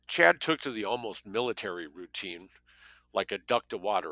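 A man's voice: lowish voice, very animated, normal speed, bright, forceful tone, no room sound. A man narrating a thriller audiobook in a plain reading voice, now and then dropping offhand asides of his own. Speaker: audiobook reader.

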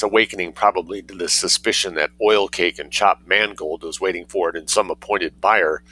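A man narrating a story in a measured, wry reading. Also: low-pitched, bright, forceful tone, dry recording, rough recording.

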